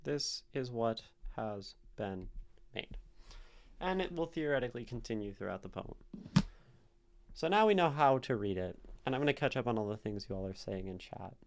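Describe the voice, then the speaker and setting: A man's voice: medium pitch, sing-song, normal speed, slight background noise. A man hosting a live stream, casually analyzing poetry and thinking aloud as he taps out rhythms in syllables. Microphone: streaming mic.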